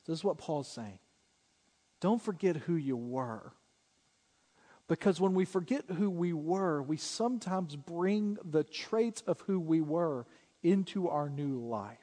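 A man preaching a sermon as pastor, earnest and direct, growing louder and quicker when he retells a story. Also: fairly high pitch, lively intonation, long reverb tail.

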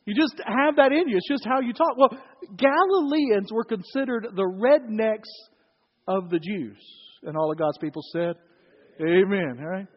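A middle-aged man with a Southern US accent preaches a sermon with a high voice. His folksy delivery runs from loud stories to hushed solemn points. The sound is muffled and carries a long church-hall reverb. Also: moderate pace. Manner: folksy, swings between loud storytelling and quiet solemn preaching. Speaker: pastor. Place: church sanctuary.

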